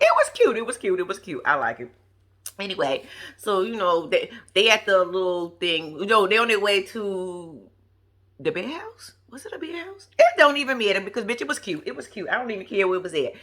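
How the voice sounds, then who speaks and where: A woman's voice: medium pitch, sharp tone. A woman giving casual, profane, gossipy commentary on a reality TV episode, laughing often as she talks. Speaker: reality TV recap vlogger.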